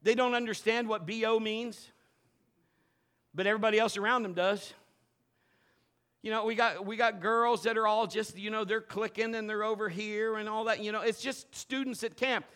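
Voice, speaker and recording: Male preacher, high bright voice, lively delivery swinging between loud and hushed, church service. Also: normal speed, smooth. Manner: animated, swings from loud exhortation to low asides, playful. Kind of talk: sermon.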